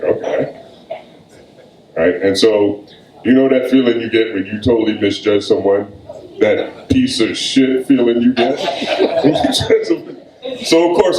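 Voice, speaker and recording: A man's voice: medium pitch, background noise. Man reading poetry in an echoey room. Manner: slow, weighty reading, then loose conversational storytelling. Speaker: poet. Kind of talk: poetry reading and storytelling at a live event. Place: event room.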